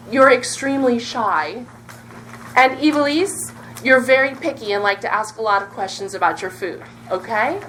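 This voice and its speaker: A young adult woman announcing acts and calling scenes as the emcee of a children's drama showcase, in a brisk, directive way. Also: on the high side, a bit bright, slight background noise, poor audio. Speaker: drama camp instructor and emcee.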